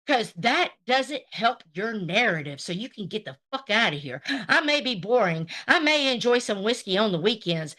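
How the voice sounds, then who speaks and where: Her pitch is fairly high and sing-song, her pace moderate, and her delivery bright and pushed with little pausing. As she welcomes viewers in chat, the woman streamer swears at a rival in a mocking, combative rant.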